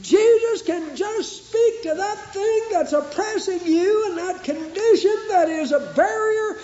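A man preaching a sermon with fervent, rhythmic repetition that rises into shouts. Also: extremely high pitch, measured pace. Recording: echoey, dull lo-fi recording.

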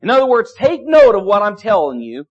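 A man's voice: high voice, wildly swooping pitch, fairly quick, slightly rough. A man preaching a sermon, repeating key phrases and asking the congregation rhetorical questions. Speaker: pastor. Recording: dull lo-fi recording.

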